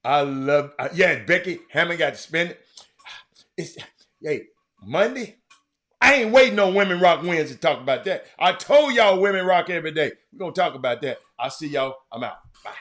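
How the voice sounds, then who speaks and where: A high-pitched man hosts a loose, casual show. He calls out loudly to his audience one moment and mutters low the next, repeating himself as he goes. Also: expressive, moderate pace. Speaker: show host. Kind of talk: casual live-stream chat.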